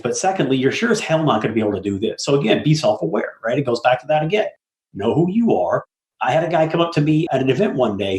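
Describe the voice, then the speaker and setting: A middle-aged man, a guest on an interview, telling stories in a blunt, profane way and acting out the people he quotes. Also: mid-range voice. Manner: animated storyteller, blunt and profane, acts out quoted voices. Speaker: guest, apartment syndicator. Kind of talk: casual interview talk. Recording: echoey room.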